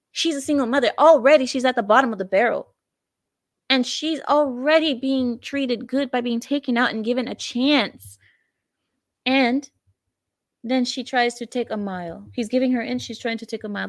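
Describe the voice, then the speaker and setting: A woman talks straight into a close, dry mic, reacting to a clip with strong opinions. Her voice sits a bit high, and she hammers her points home with repetition and indignation. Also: no echo. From not from the U.S. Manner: indignant, emphatic, repeats phrases.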